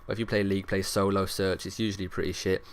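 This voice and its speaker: A man's voice: sits low, little pitch movement, quick pace. A young man rambling through casual gameplay commentary, leaning on lots of fillers. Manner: rambling, filler-heavy, talks over gameplay. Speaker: gaming YouTuber.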